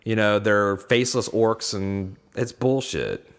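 A man's voice: on the low side, unhurried, clear, resonant tone, long reverb tail. A man co-hosting a podcast, ranting with scorn and profanity about a film in casual chat. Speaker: podcast co-host.

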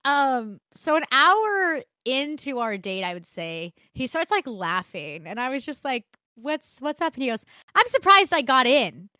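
A young woman telling a first-date story on a casual podcast, acting out every line of dialogue and swearing freely. Her voice sits a bit high, and the recording is dry and close. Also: measured pace, hardly any pauses, no echo. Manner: animated, swearing, acts out quotes. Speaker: podcast co-host.

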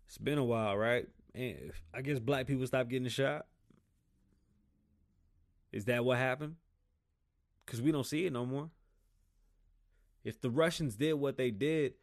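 Male podcast host, mid-pitch, dry close sound, profane and combative. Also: gravelly, no echo. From United States. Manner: profane, heated, talks in bursts and mocks people in loud voices. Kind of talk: ranting solo podcast monologue.

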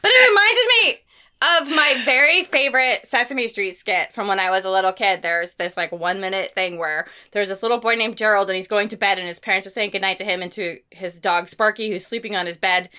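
A woman co-hosting a podcast in casual chat, telling animated stories full of "like" and "you know" and laughing often. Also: medium pitch, fairly quick, clear, resonant tone. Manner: animated storyteller who laughs often and acts out bits; frequent fillers like "like" and "you know". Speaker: podcast co-host.

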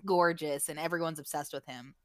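A woman co-hosting a podcast in casual book chat, animated and playfully ranting, often laughing. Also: deep voice, a little fast, no echo, clean studio sound. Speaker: podcast co-host.

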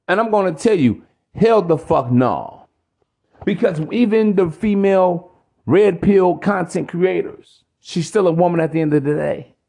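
Gravelly preachy male podcast ranter. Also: high-pitched, warm tone. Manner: preachy, profane, repetitive. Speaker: podcast host. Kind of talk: ranting podcast monologue.

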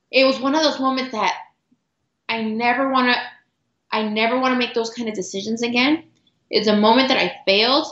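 A middle-aged woman guest telling a personal story earnestly, with halting restarts and repeated words. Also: on the high side, fairly bright tone. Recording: roomy, dull lo-fi sound.

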